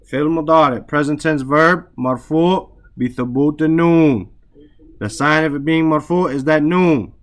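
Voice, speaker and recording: Guy walking a class through arabic grammar, voice a bit high, keeps going "right?". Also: bright, forceful tone. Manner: explains step by step, often asking "right?"; mixes English with Arabic grammar terms.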